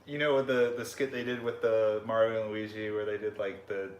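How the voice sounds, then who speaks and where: A man's voice: fairly low pitch, little pitch movement, normal speed. Laid-back, profane man in an echoey room. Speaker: podcast co-host. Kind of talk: casual chat. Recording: echoey room with faint noise.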